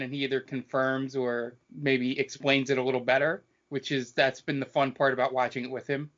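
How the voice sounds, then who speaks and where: A man's voice: medium pitch, pushed and bright. A man co-hosting a podcast in casual chat, chatty and earnest, laughing along. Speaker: podcast co-host. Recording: dull lo-fi sound.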